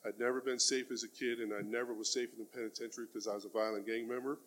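A middle-aged man speaks at an ordinary medium pitch, telling his own story in an earnest, heartfelt way. His talk is plain and casual, and he often drops in the word "man". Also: little pitch movement, rapid-fire, fairly bright tone. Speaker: speaker giving personal testimony. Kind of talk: earnest spoken testimony.

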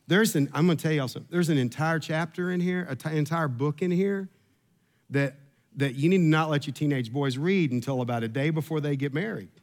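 Man, middle-aged pastor, sermon, earnest, repeats words, storytelling, higher voice. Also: fairly quick. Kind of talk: sermon with humorous personal story.

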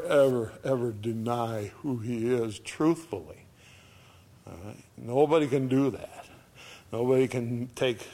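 A man preaching a sermon in a slow, folksy way, repeating phrases and lifting his voice at high points. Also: a little mellow. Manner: slow, folksy, repetitive preaching with sudden lifts in voice. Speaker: pastor.

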